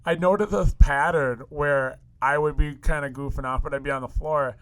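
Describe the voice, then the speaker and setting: Animated man telling stories. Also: on the high side, normal speed, no echo. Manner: animated storyteller, acts out customers and himself in quoted voices. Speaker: podcast co-host, card shop owner. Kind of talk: casual chat.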